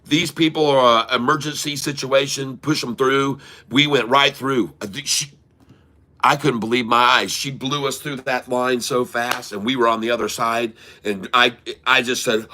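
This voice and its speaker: A middle-aged man spins a long travel story in loose, casual chat. His voice is bright and forceful, at an ordinary middle pitch, and he rambles through restarts and quick laughs. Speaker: channel host.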